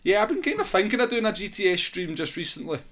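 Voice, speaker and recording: A man's voice: high-pitched, big pitch swings, quick pace, fairly bright tone. A man with a Scottish accent chatting casually with his chat while he streams a racing game. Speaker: gaming streamer. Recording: racing game car noise underneath. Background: engine and car sounds from the game.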